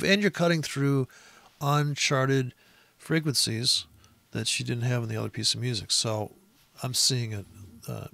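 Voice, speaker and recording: Gravelly man ranting about trading. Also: no echo. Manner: profane, animated, gets loud and high when ranting. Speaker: trading educator. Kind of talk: casual rambling trading talk.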